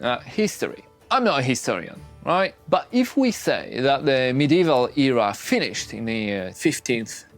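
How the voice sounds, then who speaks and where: A man giving scripted explainer narration in a lively, explanatory manner. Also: mid-range voice, moderate pace, few pauses, soft background music. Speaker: video narrator.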